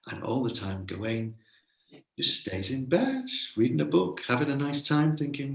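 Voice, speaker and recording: A man telling a story live in a playful, animated way, with chatty asides. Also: mid-range voice, moderate pace, reverberant, low-quality recording.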